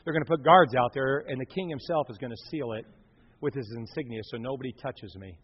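A man preaching a sermon in a dramatic way, swinging from hushed murmurs to loud exclamations. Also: medium pitch, brisk, husky. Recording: reverberant hall, dull lo-fi sound.

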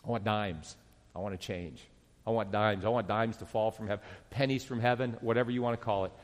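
A middle-aged male pastor telling stories in a sermon, animated and excited, often restarting his sentences. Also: lowish voice, fast talker, slight background noise. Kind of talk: storytelling sermon. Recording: long reverb of a large hall.

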